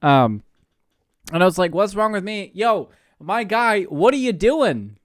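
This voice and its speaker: A young man from the Pacific Northwest co-hosts a podcast, telling a story casually while laughing often and swearing freely. His high-pitched voice is sing-song and unhurried, recorded in studio quality with no room sound.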